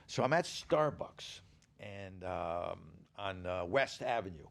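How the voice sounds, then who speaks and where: A man's voice: sits low, lively intonation, slow, creaky, no room sound. An older man, a podcast guest in a studio, telling rambling anecdotes in casual chat and acting out the dialogue.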